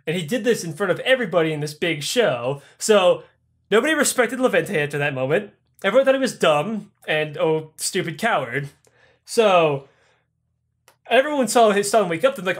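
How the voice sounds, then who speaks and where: This podcast host's voice sits high and comes across animated and brisk. Turning history into a comedy bit, he curses constantly, keeps things crude, and performs the characters' lines himself.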